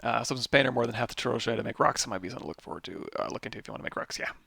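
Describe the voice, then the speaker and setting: A tired man with a lot of vocal fry, teaching a live software tutorial and thinking aloud as he works through menus. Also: mid-range voice, racing, no echo. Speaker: 3D modeling instructor.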